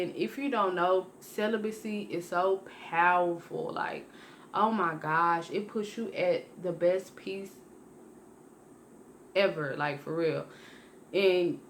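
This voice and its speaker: A young woman with a lowish voice shares a personal story on her vlog in a casual, meandering way, full of restarts and self-corrections. She becomes animated when acting out her earlier lines, and there's slight background noise.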